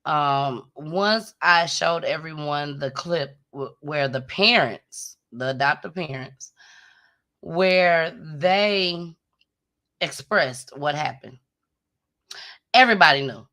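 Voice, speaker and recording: Bright-voiced chatty woman host. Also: low-pitched, slow pace. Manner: animated, chatty, emotional storyteller. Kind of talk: casual commentary.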